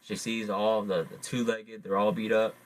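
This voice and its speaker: A man with a low voice retells a traditional animal story. He halts often, fills gaps with "uh," and repeats his words as he goes. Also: flat delivery. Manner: halting, repeats words, fillers. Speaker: podcast host. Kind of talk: oral storytelling.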